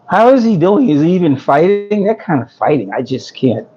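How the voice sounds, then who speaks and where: A New Yorker hosting a casual food truck business livestream reads comments and laughs and jokes with viewers, though his voice is going. He's very animated and brisk with few pauses, his slightly high voice husky, and the phone recording has its highs cut off.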